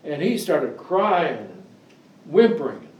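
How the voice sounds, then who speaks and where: A man preaching a sermon, telling stories and reading scripture with animated, emphatic delivery. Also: slow, lo-fi sound. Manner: animated storyteller, rising to high emphatic pitch on scripture. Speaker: pastor. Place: church. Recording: echoey room, distant mic, faint ambience.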